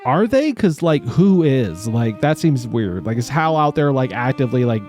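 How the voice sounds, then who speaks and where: A man's voice: mid-range voice, sing-song, moderate pace, over music. A young man streaming a video game and commenting casually, chatty and jokey, peppering his talk with "like".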